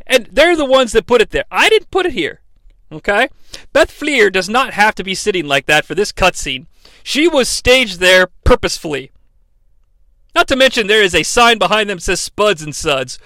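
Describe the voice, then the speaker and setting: A man's voice: high-pitched, very animated, moderate pace, sharp tone, dry recording. A man hosting a comedic podcast and recapping wrestling in a sarcastic, profane way on a close mic. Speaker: podcast host.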